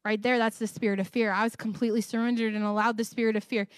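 A woman's voice: fairly high pitch, little pitch movement, quick pace, clean tone, dry recording, studio quality. Earnest woman preaching her personal testimony. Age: adult, married ten years. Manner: emotional, earnest, repeats phrases for emphasis. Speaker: speaker sharing testimony.

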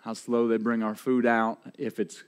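A man's voice: mid-range voice, flat delivery, moderate pace, smooth. A man preaching in a loose, conversational way, telling a personal story with frequent restarts and light laughter. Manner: conversational, repeats words and restarts often, laughs along. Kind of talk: sermon storytelling.

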